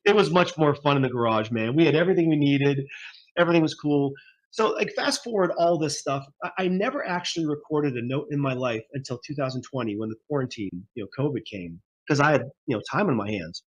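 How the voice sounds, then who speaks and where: A man's voice: on the high side, expressive, fast talker, highs cut off. A man in his forties, a guest musician telling his story in a rambling, casual interview, laughing often.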